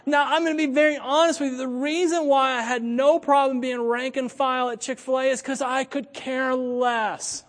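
High-voiced man preaching in a reverberant hall. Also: normal speed, hardly any pauses. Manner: animated, swings from loud emphatic points to low joking asides. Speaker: pastor. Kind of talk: sermon.

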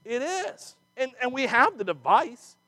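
A man giving a sermon, animated and chatty, often breaking off mid-phrase to start again and slipping in jokey asides. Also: very high voice, measured pace, no room sound. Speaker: preacher. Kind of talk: sermon with personal stories.

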